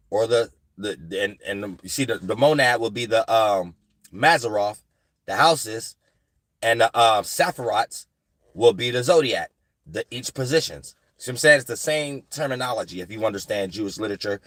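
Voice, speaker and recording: A man's voice: mid-range voice, dry recording. Rambling man with a dry close sound. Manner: rambling, repeats "you know what I'm saying". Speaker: astrology channel host. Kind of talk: casual spiritual monologue.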